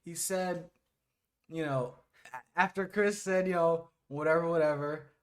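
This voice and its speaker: A man co-hosting a podcast, recapping a show in casual chat and acting out quotes in low mumbles. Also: steady tone, unhurried. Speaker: podcast co-host.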